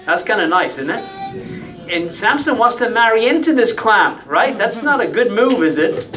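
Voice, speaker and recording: A man's voice: high-pitched, big pitch swings, moderate pace, bright, forceful tone, recorded from a distance, slight background noise, rough recording. A man preaching a sermon in a conversational, folksy way, often tagging his points with rhetorical questions.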